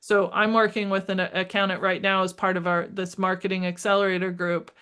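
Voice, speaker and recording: A middle-aged woman, a marketing strategist, talking as a podcast guest, energetic and emphatic, acting out bits of dialogue. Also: medium pitch, fairly quick, smooth. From United States. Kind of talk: conversational interview.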